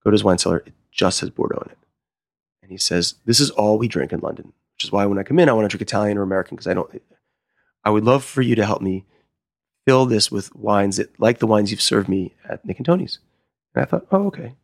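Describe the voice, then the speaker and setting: Gravelly low-voiced man telling stories. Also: fast, no room sound, clean studio sound. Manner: animated, acts out quoted dialogue. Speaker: sommelier and wine consultant. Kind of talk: casual interview storytelling.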